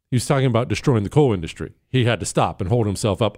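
A man's voice: on the low side, lively intonation, fast talker, hardly any pauses, a little mellow. Man, talk show host, opinionated monologue, emphatic, rambling, filler-heavy.

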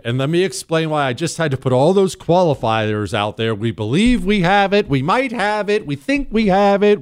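A middle-aged man hosting a talk radio show, telling stories and riffing on the news in a sarcastic, animated way. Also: a little high, dry recording, clean studio sound.

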